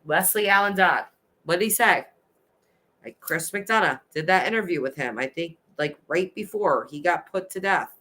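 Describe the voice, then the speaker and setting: A woman's voice: on the low side, animated, normal speed, bright, forceful tone. A woman in her thirties hosting a casual livestream, reading chat aloud and ranting with passion, swearing now and then. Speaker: livestream host.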